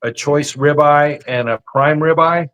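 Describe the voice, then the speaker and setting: A man's voice: fairly high pitch, a little slow, a bit bright, dull audio. Chef guy guesting on a podcast, laid back, lots of uh and man. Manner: easygoing, says "man" and "uh" a lot. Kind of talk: casual chat.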